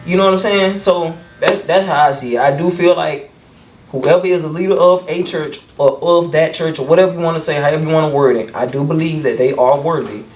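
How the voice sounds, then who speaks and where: A young adult barber hosting a podcast in his shop speaks briskly in a fairly high voice, earnestly sharing personal views in casual chat. He often asks "you know what I'm saying," and a distant mic gives a roomy sound.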